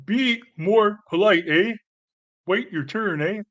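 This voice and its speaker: A man's voice: high-pitched, slow pace, a bit bright, muffled recording, pitched above the performer's own voice. A man mimicking a fussy, overly polite male parliament speaker, scolding members with a tag on every phrase. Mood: mock scolding.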